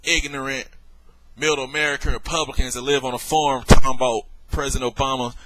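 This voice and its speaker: A man's voice: medium pitch, flat delivery, fairly quick, very noisy. A man in a video rebuttal, worked up, lecturing and exasperated as he speaks straight to the viewer. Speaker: vlogger.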